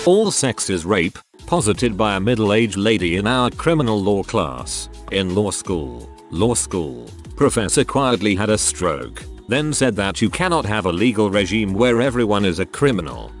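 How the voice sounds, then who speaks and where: Low-voiced man narrating lively stories. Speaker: narrator reading online stories. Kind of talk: scripted narration.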